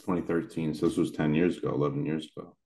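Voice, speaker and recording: A man hosts a casual interview, his voice very deep and mellow. He asks curious, gentle follow-up questions in a relaxed conversational way. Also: quick pace, gravelly.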